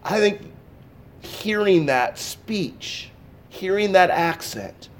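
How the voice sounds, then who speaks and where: A man preaching in a church, his voice set a little higher than most men's. He swings between loud, emphatic bursts and hushed, intense passages as he talks to his congregation. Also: expressive, takes it slowly. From Pacific Northwest. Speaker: pastor. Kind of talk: sermon. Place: church sanctuary.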